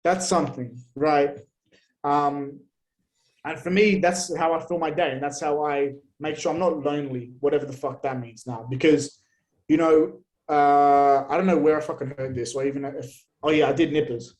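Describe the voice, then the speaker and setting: A man's voice: a little high, normal speed, poor audio. Blunt, swearing man. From Australia. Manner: blunt, heavy swearing, animated rants. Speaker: podcast guest. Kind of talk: casual conversational interview.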